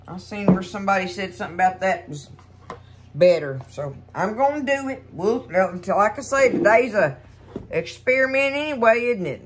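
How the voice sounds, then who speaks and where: In her kitchen, a woman hosts a casual home cooking demonstration, chatting folksily and calling her viewers "y'all." Her voice is medium-pitched, with background noise in the recording.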